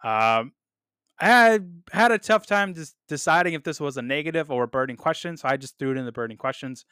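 A man hosting a casual solo podcast, full of enthusiasm, with lots of fillers and repeated words, often trailing off quietly at the end of sentences. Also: on the high side, expressive, fairly quick, smooth, no echo, clean studio sound. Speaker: podcast host reviewing films.

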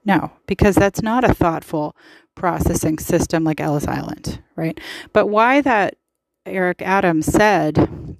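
A chatty woman with a fairly low voice talks through politics on her own show. She is emphatic, full of fillers and asides, and recorded close on a dry mic. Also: unhurried, hardly any pauses, no echo, poor audio. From United States. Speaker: podcast host. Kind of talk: casual political commentary monologue.

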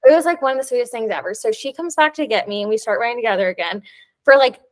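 Young woman podcast host, slightly high voice, chatty and rambling with lots of "like.". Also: rapid-fire. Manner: chatty storytelling, many "like" fillers. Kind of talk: casual chat.

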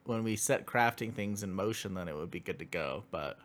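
A man's voice: deep voice, a little fast, fairly bright tone. A young adult man co-hosting a podcast in casual gaming chat, jokey and a little boastful, laughing as he talks. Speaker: podcast co-host.

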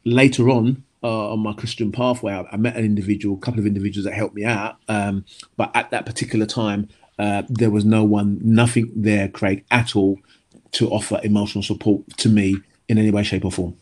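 A man's voice: lowish voice, flat delivery, a little fast, darkish tone. A middle-aged man, a former footballer and guest, telling candid stories in an interview and often asking "you know what I mean". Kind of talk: candid storytelling in a podcast interview.

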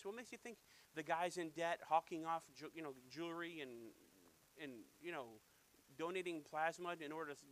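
A male pastor with a high, bright voice preaches with insistent emphasis. He circles back on phrases, repeating them as he tells stories from his own life. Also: rough recording. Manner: emphatic, repetitive, anecdotal storytelling. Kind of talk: sermon.

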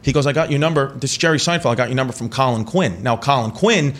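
Animated man in his thirties telling stories. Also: mid-range voice, quick pace. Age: 30s. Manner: animated, profane, rambling anecdotes. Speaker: comedian guest. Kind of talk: casual podcast storytelling.

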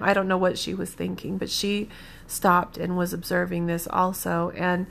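A woman's voice: fairly low pitch, steady tone, moderate pace, gravelly. A woman telling a personal story in a rambling, heartfelt way, often correcting herself as she goes.

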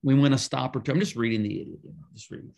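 A man, a pastor and author, telling a story in a conversational interview, with lively emphatic asides. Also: mid-range voice, very fast, creaky.

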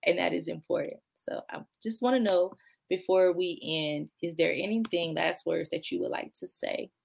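A woman's voice: moderate pace, vocal fry. A woman hosting a live-streamed interview, encouraging her guest and reading viewer comments aloud, laughing often. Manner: laughs often, jumps high when excited. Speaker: host.

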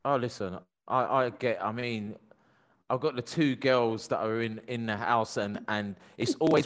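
A man's voice: medium pitch, a little slow. A man hosting a parenting panel, chatting and telling exasperated stories about his daughters. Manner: chatty, exasperated anecdotes, lots of restarts. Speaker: host. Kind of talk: casual panel chat.

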